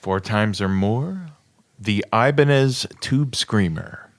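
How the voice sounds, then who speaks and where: A man's voice: fairly low pitch, slow pace. A man co-hosting a casual podcast, playful, slipping into a mock game-show announcer delivery. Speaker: podcast co-host. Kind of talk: casual chat.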